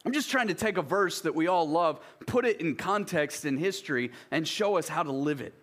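A man's voice: fairly high pitch, lively intonation, a little fast, a bit bright. A middle-aged man pastor preaching a sermon in a conversational way, reading scripture aloud and then explaining it.

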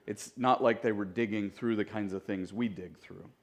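A pastor preaching a sermon in a church, talking conversationally with joking asides to the congregation. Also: male voice, on the low side, steady tone, moderate pace. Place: church sanctuary.

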